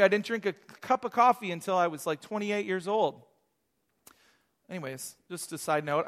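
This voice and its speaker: A man in his thirties, a pastor preaching a lively sermon with storytelling asides. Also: sits high.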